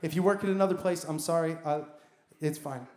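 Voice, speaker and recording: Brisk and steady, his voice on the high side and a little mellow, this pastor preaches emphatically in a church sanctuary, building each point with repetition. The sound echoes through the hall.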